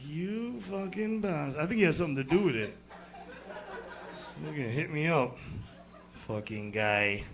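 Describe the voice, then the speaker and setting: Crude high gravelly comic, American accent. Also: male voice. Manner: crude, rambling, swings between loud bursts and muttered asides. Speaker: stand-up comedian. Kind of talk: stand-up set at an open mic.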